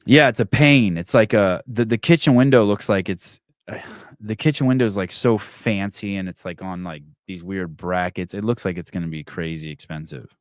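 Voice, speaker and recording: A middle-aged man with a lowish voice tells a story as a podcast host, swearing freely and getting animated. His voice sounds close and dry, with no room around it. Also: moderate pace, no room sound. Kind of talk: casual storytelling and reading comments.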